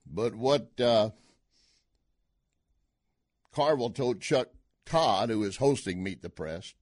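A man hosts political talk radio in a folksy, sarcastic way, often scoffing. His pitch moves around lively. The sound is dry and close with no room echo. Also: slow pace, long pauses. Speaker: radio talk show host.

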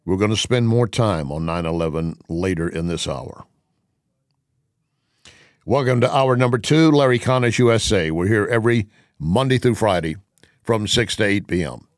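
A middle-aged man hosting a talk radio show, speaking in an earnest, emphatic, measured way. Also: lowish voice, lively intonation, dry recording, clean studio sound.

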